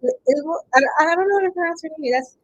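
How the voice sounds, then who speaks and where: A woman reading tarot cards on a casual livestream, chatting with viewers, laughing often and breaking into bits of song, with a voice strained from not warming up. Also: extremely high pitch, racing, no echo, dull audio. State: voice a bit strained, not warmed up. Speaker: tarot reader.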